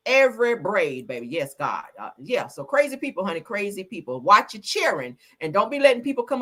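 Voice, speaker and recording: A woman hosting a livestream, reading news aloud and reacting in a sassy, animated way, swearing and calling her viewers baby and girl. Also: medium pitch, a little fast, hardly any pauses. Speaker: livestream host. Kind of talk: casual news commentary and ranting.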